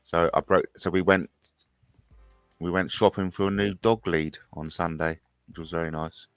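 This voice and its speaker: A man hosts a relaxed chat, soft-spoken and easy to agree. His voice is very deep and rough with fry. The sound is dry and close. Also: moderate pace, dry recording, faint music behind. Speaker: host. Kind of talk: casual chat.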